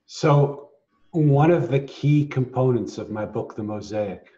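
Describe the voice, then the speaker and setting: A man's voice: medium pitch, animated, slow pace, warm tone, lo-fi sound. A man hosting a podcast interview, asking long searching questions with restarts. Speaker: podcast host.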